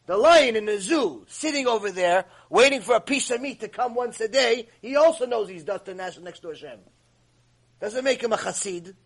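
A man teaching a long religious lecture, telling stories in an animated way and acting out the voices. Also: high voice, breathy edge. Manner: animated storytelling, acts out voices.

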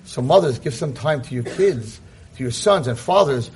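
A man giving an animated, fast-paced motivational talk to a convention audience, telling a parable. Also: mid-range voice, slight background noise. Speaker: lecturer. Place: convention room.

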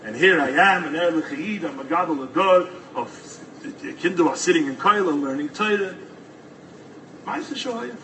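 A man with preaches through a story, his voice high and bright. He builds from animated telling to fervent exhortation. He sits a little far from the mic, with a faint noise under him. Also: moderate pace.

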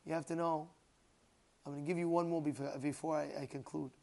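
High gravelly rabbi telling a parable. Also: male voice, fairly quick. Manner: animated storyteller, acting out every character; keeps adding "you know". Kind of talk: sermon told as a parable.

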